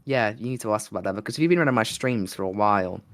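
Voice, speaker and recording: A man co-hosting a podcast, hoarse and losing his voice, chatting casually and rambling with plenty of "like". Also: lowish voice, animated, very fast, a bit bright, no echo. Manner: rambling, lots of "like" and restarts. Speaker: podcast co-host and streamer. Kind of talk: casual chat.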